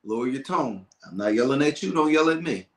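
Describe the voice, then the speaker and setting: A man hosting a casual talk show, telling stories with lively acted-out dialogue. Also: mid-range voice, a little fast, roomy sound, a crowd in the background. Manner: animated storyteller, acts out calm and angry callers. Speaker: podcast host. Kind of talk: casual storytelling chat.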